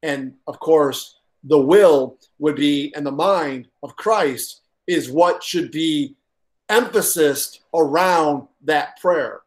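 A man with a fairly high pitch preaches a sermon as a pastor. He stresses points with pauses for effect and repeats key lines, speaking haltingly with frequent "uh" fillers.

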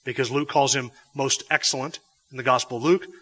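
A man's voice: medium pitch, steady tone, a little fast, pushed and bright. A man teaching a Bible class in a classroom or church hall, explaining patiently with frequent restarts. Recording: long hall reverb.

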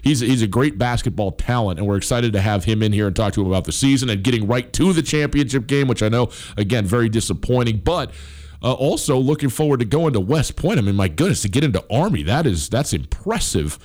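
A man's voice: medium pitch, animated, fast, a little mellow. A middle-aged man hosting a sports talk show, rambling with fillers and restarts, a bit stuffed up from allergies.

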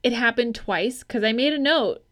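A woman's voice: on the high side, moderate pace, fairly bright tone. Woman cohost, blunt n sweary, lots of ums, chatty movie talk. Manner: blunt, profane, chatty with hedging fillers. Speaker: podcast co-host. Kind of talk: casual movie-review banter.

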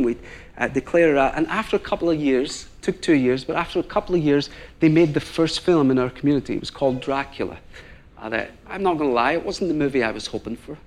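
A man's voice: mid-range voice, fast talker. A man with a Northern Irish accent preaching a sermon, telling a story and acting out the people in it. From Northern Ireland. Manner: animated storyteller, acts out the people he quotes. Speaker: guest preacher.

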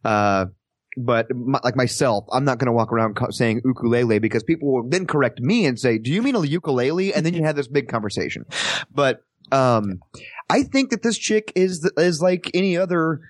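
A man from Kansas chats as a podcast guest, rambling and animated, circling back on his own sentences. His voice sits at an ordinary pitch for a man. It is recorded close and completely dry, with no room sound. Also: moderate pace, no room sound. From Kansas, USA. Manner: animated, rambling with many restarts. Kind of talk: casual chat.

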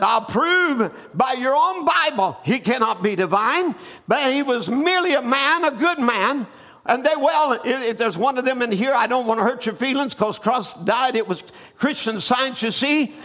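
High, bright-voiced fervent male preacher. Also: lively intonation, moderate pace. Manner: fervent preaching, breaks into shouts and hallelujahs; retells a conversation, quoting both sides. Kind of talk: sermon.

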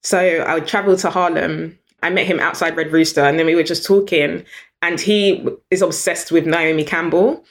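A British woman, a guest in an interview, telling stories in an animated, chatty way and laughing often. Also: low voice, moderate pace. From Britain. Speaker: guest entrepreneur. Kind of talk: storytelling in an interview.

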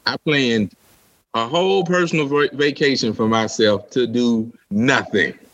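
A man, co-hosting a podcast in casual chat and telling animated stories. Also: mid-range voice, a little slow, muffled recording. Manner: animated storyteller, repeats "let me tell you something". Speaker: podcast co-host.

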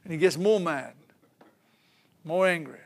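High-voiced folksy preacher man. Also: unhurried, creaky. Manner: folksy, animated storytelling with laughs. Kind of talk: sermon.

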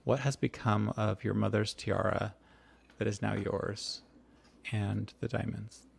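A man's voice: on the low side, level tone, a little slow, vocal fry, slightly rough. A man acting as game master, narrating a tabletop game over an online call and asking players questions with frequent restarts. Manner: hesitant, many restarts and questions.

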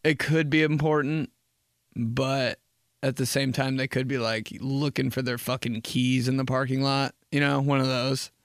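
A man's voice: medium pitch, fairly even intonation, normal speed, dry recording, clean studio sound. A young man hosting a podcast, ranting comically in a profane, exasperated way. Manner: profane, exasperated, jumps into acted voices. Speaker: podcast host. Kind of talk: comedic rant.

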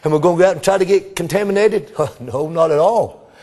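A man preaching a revival sermon, swinging between shouting and hushed whispers. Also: sits high, fairly quick, big-room sound. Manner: addresses congregation members as brother. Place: church.

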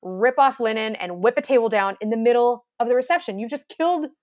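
A woman in her thirties, a wedding planner chatting casually with a co-host. She tells a story in an animated way and acts out the quotes. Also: fairly high pitch, quick pace.

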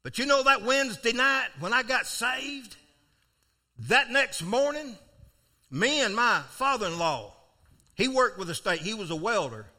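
An older man preaching, telling a folksy story from his own life, with sudden loud outbursts. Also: extremely high pitch, expressive, unhurried. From South Florida. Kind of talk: storytelling sermon.

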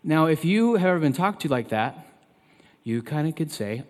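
Pastor preaching in an echoing hall. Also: male voice, lively intonation, moderate pace. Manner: emphatic, loud and high when quoting God. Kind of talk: sermon. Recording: long reverb of a large hall.

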